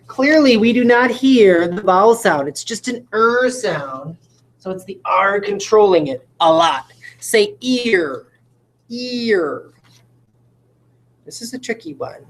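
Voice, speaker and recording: Slow, patient woman teacher. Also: mid-range voice. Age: adult parent. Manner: patient, explains step by step, asks rhetorical questions. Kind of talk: recorded video lesson.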